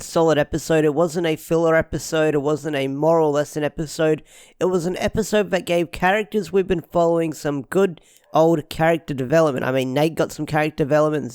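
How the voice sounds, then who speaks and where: A man's voice: fairly high pitch, a little mellow, clear, resonant tone, no room sound, clean studio sound. A young man giving a casual, rambling review of a TV episode, repeating himself with lots of fillers. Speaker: show reviewer.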